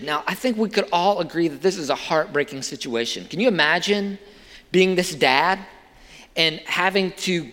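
A man with a high voice preaches to his congregation. He talks in a relaxed, conversational way and keeps asking the listeners rhetorical questions. His voice rings with the long reverb of a large hall. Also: moderate pace. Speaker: pastor. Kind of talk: sermon.

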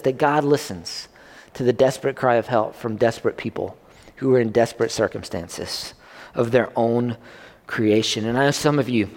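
A man preaching a sermon as a pastor, talking conversationally and pushing his pitch up to stress his points. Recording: long reverb of a hall.

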